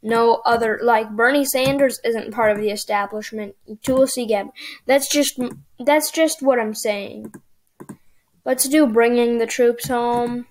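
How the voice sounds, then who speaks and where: Woman host, high pitch, excitable running commentary over a strategy game. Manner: excitable, thinking aloud while playing. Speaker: gaming channel host. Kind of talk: casual gameplay commentary.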